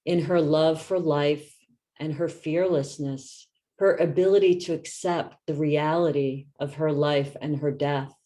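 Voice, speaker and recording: Gentle meditation teacher lady, 50s, reflective talk, low voice, really slow. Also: steady tone. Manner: gentle, slow and soft-spoken.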